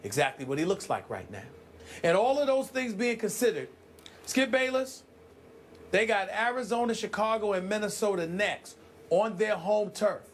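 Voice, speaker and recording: A man co-hosting a heated sports debate show, talking with emphatic, drawn-out dramatic delivery. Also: high voice, lively intonation, slight background noise.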